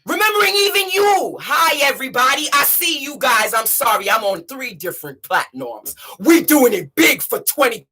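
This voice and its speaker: A woman hosting a live stream, talking in a dramatic, chanting way, repeating phrases and swinging between shouts and hushed words. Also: on the high side, sing-song, normal speed, few pauses, breathy edge. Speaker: livestream host. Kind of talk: live-streamed spiritual monologue.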